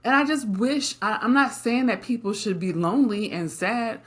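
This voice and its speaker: A middle-aged woman co-hosts a casual podcast conversation. She speaks frankly and with emphasis, and keeps turning to her partner with quick tag questions. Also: on the high side. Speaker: podcast co-host.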